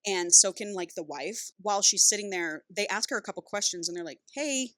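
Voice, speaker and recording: A woman podcast co-host recapping a novel in casual, animated storytelling with casual profanity. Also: on the low side, brisk, no echo.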